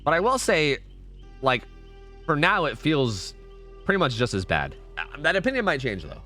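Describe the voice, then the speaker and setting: Animated young man chatting on stream. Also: fairly high pitch, moderate pace, faint music behind. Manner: rambling, swears casually, chats with viewers. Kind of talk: casual game-stream chat.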